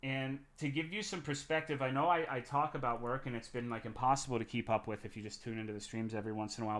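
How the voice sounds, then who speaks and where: Profane, rambling male streamer. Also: mid-range voice. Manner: profane, rambling, with frequent restarts. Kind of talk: casual storytelling on a live stream.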